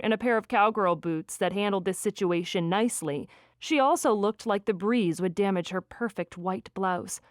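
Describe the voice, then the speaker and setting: A woman reading a first-person romance audiobook with lively, expressive delivery on a close studio mic. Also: mid-range voice, no room sound. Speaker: audiobook narrator.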